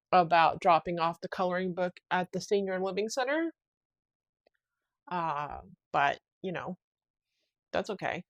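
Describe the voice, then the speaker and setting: A woman's voice: lowish voice, no room sound. Chatty woman rambling on a podcast. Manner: rambling, animated retelling with many fillers and restarts. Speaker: podcast host. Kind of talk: casual solo podcast storytelling.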